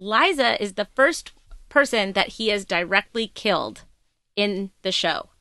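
Bright-voiced woman podcast host. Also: mid-range voice, a little slow, a little hiss or hum. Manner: animated, emphatic storytelling. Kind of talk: casual TV recap chat.

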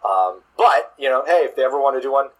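A man with a husky, slightly breathy voice talks casually as an interview guest. He trips over his words, restarting sentences and filling gaps with fillers. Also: medium pitch, expressive, low-quality recording. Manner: halting, many restarts and fillers. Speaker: guest drummer.

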